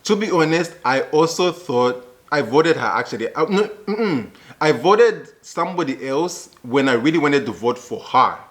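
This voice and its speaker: A man's voice: a little high, animated, normal speed. A young man with a thick Zambian accent, talking animatedly as a YouTube host reacting to a clip and checking in with the listener. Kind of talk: casual reaction commentary.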